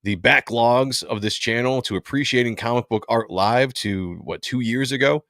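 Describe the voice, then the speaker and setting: A man hosting a casual comic book livestream, chatting in a relaxed way and reading comic lines aloud. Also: mid-range voice, moderate pace, dry recording, studio quality. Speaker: host.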